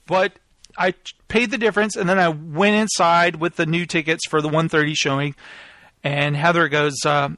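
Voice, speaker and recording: A man in his thirties hosting a live podcast, telling a story in a casual, animated way and acting out both sides of the conversations. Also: fairly high pitch, normal speed, no echo. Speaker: podcast host.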